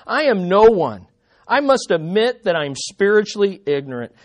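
A man's voice: high voice, big pitch swings, moderate pace. A male preacher delivering a sermon, emphatic and driving home his points with repeated rhetorical questions.

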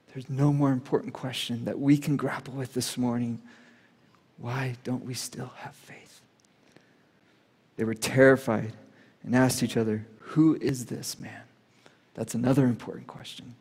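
A man's voice: mid-range voice, husky. Earnest male pastor in a reverberant hall. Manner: earnest storytelling, drops to a hush at solemn moments. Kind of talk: sermon with personal story.

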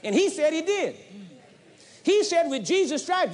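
High-voiced emphatic man preaching. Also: sing-song, normal speed, darkish tone. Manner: emphatic, repeats phrases for stress. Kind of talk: sermon. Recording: long hall reverb, 1980s audio tape.

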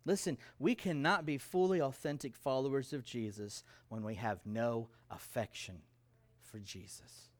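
A man's voice: mid-range voice, measured pace. A middle-aged man preaching a sermon as a pastor, in an emphatic, conversational style with touches of humor.

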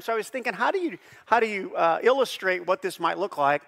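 A middle-aged pastor preaches a sermon in a high, bright, forceful voice, a little fast with few pauses. He's animated, bursting louder and higher on emphasized phrases. A long reverb rings around him, as in a large church sanctuary.

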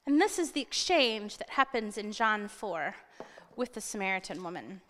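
A woman preacher retelling a scripture story in an animated, dramatic sermon style. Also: medium pitch, normal speed, big-room sound.

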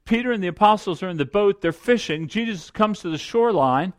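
A man's voice: sits high, animated, fairly quick. A middle-aged male pastor preaching a sermon, earnest and reflective, often repeating a phrase for emphasis.

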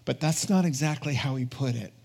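A man's voice: medium pitch, fairly quick, creaky, a little mellow, husky. A man preaching a conversational sermon in an earnest, chatty way, often checking in with his listeners. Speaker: pastor.

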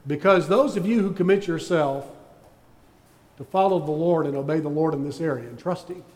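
A man's voice: a little high, moderate pace, a little mellow, big-room sound. A man preaching a sermon as pastor, folksy and joking as he tells stories to his congregation. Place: church sanctuary.

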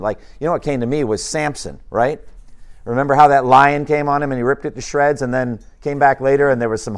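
Man teaching a conversational sermon. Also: mid-range voice. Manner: informal, musing asides with restarts. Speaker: Bible teacher.

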